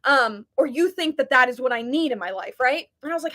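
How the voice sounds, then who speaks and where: A woman's voice: high voice, lively intonation, fairly quick, a bit bright. A woman in her twenties hosting a casual live chat, talking earnestly and passionately, peppering her speech with "like". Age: 20s. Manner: chatty, heavy use of "like", earnest and passionate.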